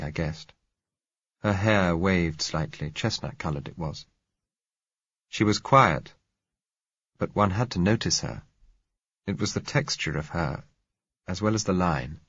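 A man with a very low, husky voice narrates an audiobook in a measured, reflective first-person reading. The sound is dry and close, with a dull, lo-fi quality. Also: fairly bright tone, no room sound.

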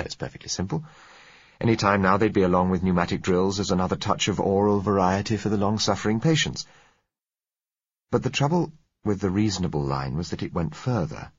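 A man narrating a story in the first person, measured and dramatic in delivery. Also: low voice, breathy edge, dry recording. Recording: dry, slightly dull recording.

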